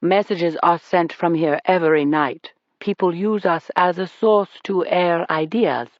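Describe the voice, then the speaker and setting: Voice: steady tone, a little slow, no echo, lightly acted. A reader voicing a suave British club owner. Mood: smooth, evasive. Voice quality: deep. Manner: polite, smooth, evasive. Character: suave male club owner, cheerful, evasive. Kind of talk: audiobook character reading. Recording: dull dry recording.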